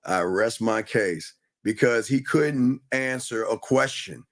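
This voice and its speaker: Blunt animated male call-in host. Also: mid-range voice, slow pace. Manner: blunt, animated, repeats himself. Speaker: livestream co-host. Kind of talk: casual live call-in chat.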